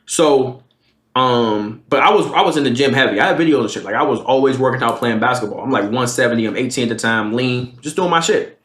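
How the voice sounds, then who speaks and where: A young man in his twenties telling a casual, profane storytime, jumping into animated quoted lines. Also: medium pitch, a little fast. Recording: roomy echo.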